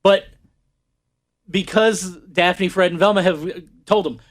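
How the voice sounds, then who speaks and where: High-voiced man rambling on a podcast. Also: steady tone, slow pace, pauses often. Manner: rambling with many fillers. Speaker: podcast co-host. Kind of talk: casual chat.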